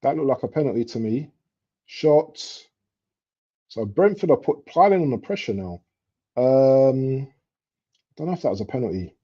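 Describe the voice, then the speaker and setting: A young man chatting casually while he streams a football match live. He talks in street slang and breaks into excited outbursts at near misses. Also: medium pitch, normal speed, long pauses, breathy edge. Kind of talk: casual live commentary chat. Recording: dull lo-fi stream audio.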